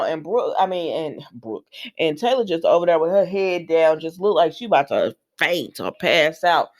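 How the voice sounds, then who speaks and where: A woman giving a casual, animated recap of a soap opera, speaking straight to her viewers with slangy asides. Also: low-pitched, moderate pace.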